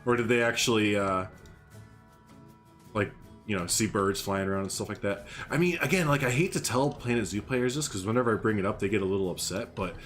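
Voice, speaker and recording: A man's voice: lowish voice, expressive, brisk, a bit bright, faint music behind. Man rambling through a live game stream. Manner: rambling, humming to himself, greeting chat by name. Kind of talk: casual live-stream chat while building.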